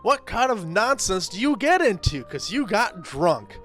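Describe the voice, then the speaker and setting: A high-voiced man giving casual commentary on tabletop game stories. His delivery swoops up and down, emphatic and animated, often repeating a phrase to hammer it home. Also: a little slow, faint music behind. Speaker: host reading and commenting on role-play stories.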